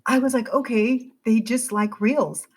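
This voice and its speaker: A woman in her forties, a podcast guest, telling her story in a casual, animated way and acting out her own thoughts. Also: a little high, measured pace, slightly rough. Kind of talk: casual interview chat.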